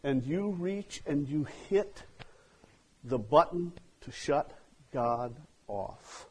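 A man preaching a sermon in an unhurried, husky voice. He tells his story with big swings in volume, rising to loud outbursts and then dropping to near-hushed asides. He sounds like a pastor speaking to his congregation. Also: a little high, expressive.

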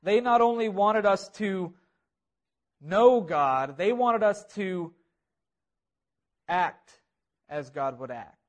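A man's voice: high-pitched, lively intonation, slow, long pauses. A man preaching a sermon, earnest and repetitive, building emphasis on key phrases. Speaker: pastor.

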